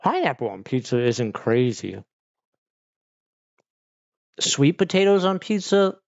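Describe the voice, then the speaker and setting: A man's voice: mid-range voice, very animated, slow, gravelly, a little mellow, dry recording, dull audio. A man chatting casually on a home livestream, rambling and swearing a lot, with many "like"s and restarts. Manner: rambling, profane, full of "like" and restarts. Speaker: streamer chatting with viewers. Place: at home on a couch with a pet nearby.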